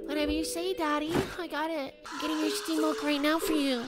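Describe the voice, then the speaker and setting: A man voicing a flirty, teasing male barista in a high falsetto during a video game. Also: flat delivery, fairly quick. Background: game music.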